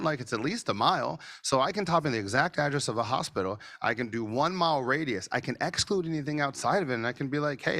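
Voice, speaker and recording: A man presenting a marketing masterclass over a video call, animated and sometimes nearly shouting for emphasis. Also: a little high, no echo, clean studio sound. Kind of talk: energetic webinar teaching. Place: office studio.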